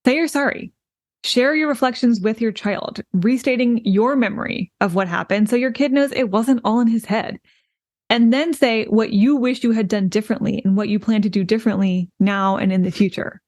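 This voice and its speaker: A woman's voice: fairly high pitch, moderate pace, a little mellow, dry recording. A woman co-hosting a podcast in casual discussion, affirming her partner often and reflecting on parenting ideas. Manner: affirming, frequent "mm-hmm", reflective. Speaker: podcast co-host. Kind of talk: casual book club discussion.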